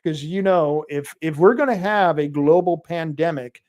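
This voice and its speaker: A man's voice: on the high side, moderate pace, a little mellow. A man hosting a talk show, giving a sarcastic, crude, ranting commentary monologue.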